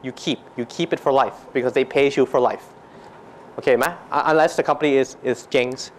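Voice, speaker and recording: A man's voice: mid-range voice, brisk, a little hiss or hum. A man teaching a finance class, questioning students constantly and joking between points. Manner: questions students constantly, mixes Thai phrases, jokey. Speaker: finance lecturer. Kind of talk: classroom lecture.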